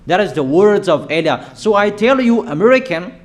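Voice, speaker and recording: A man's voice: high voice, expressive, normal speed. A man with a delivery preaching prophetic declarations, emphatic and repetitive, calling out to nations directly. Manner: emphatic, repeats warnings, addresses nations directly.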